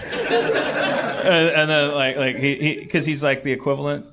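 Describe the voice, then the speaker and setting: A man's voice: a little high, steady tone, a little slow, long pauses, a loud crowd, heavy background noise. A man on a live comedy podcast, telling loose, laughing, offhand stories to an audience. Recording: live stage mic with loud audience.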